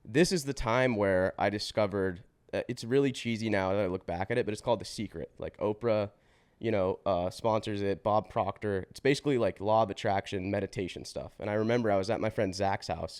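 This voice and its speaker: A man in his twenties, a podcast guest, telling his life story in a casual, slangy way with swearing and quick restarts. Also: fairly low pitch, a little mellow. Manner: slangy and swearing, says bro and dude; fast run-on telling with restarts.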